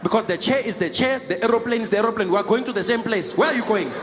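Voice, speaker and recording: A man's voice: high voice, very fast, a little hiss or hum, pitched above the performer's own voice, lightly acted. A comedian acting out a cheeky, easygoing South African man with a South African accent who coaxes in a sing-song way and ends lines with eh. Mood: reasoning. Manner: coaxing, sing-song, tags with eh. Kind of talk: stand-up comedy act-out.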